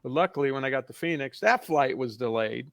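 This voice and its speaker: Gravelly man, relaxed chat. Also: medium pitch, brisk, no room sound. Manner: loose, chatty, tells travel anecdotes. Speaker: podcast co-host, band member. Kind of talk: casual chat, storytelling.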